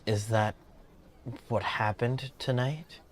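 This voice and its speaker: A man voicing a calm, kind café barista in a quiet, gentle manner. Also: medium pitch, takes it slowly. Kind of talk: game character voice-over.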